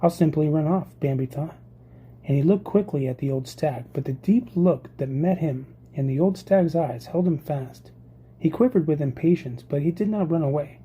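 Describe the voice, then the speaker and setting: A reader narrating a classic novel chapter as an audiobook, with a steady storytelling delivery. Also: mid-range voice, moderate pace, breathy edge, dull audio. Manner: steady storytelling read, occasional slips. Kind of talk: scripted narration.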